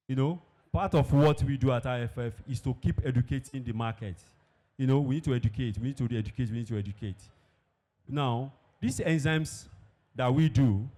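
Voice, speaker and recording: In a conference hall before a live audience of farmers, an industry presenter explains animal feed step by step in a technical talk, posing questions to the room. His voice is medium-pitched and a little mellow.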